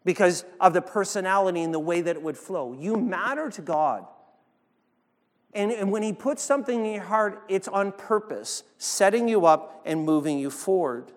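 A man preaching a sermon as pastor, swinging between loud emphatic peaks and hushed low passages, with frequent restarts. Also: lively intonation, normal speed, big-room sound.

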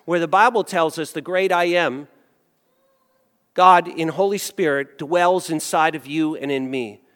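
Guy preaching, high voice, lots of reverb, acts out the story bits. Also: a little slow, fairly bright tone. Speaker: pastor. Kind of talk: sermon.

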